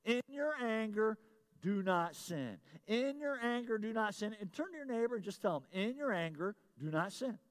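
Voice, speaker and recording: A middle-aged man preaching a sermon as pastor, moving between loud emphatic lines and quiet confiding asides, repeating his key phrases. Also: high voice, expressive, moderate pace.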